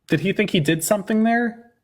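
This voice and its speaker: A man's voice: high voice, fairly quick. A man hosting a livestream debate, talking casually with a sarcastic, incredulous edge.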